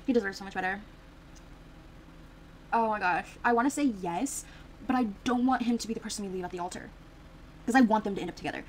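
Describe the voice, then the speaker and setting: A woman's voice: medium pitch, fast talker, long pauses, a little hiss or hum, low-quality recording. A young woman casually commenting on her life-sim gameplay, chatty and reacting aloud as she plays, with lots of fillers. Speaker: Sims gameplay streamer.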